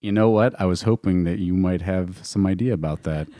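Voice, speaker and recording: Male podcast co-host, deadpan teasing banter, dry studio sound. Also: deep voice, a little fast, no room sound. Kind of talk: casual chat.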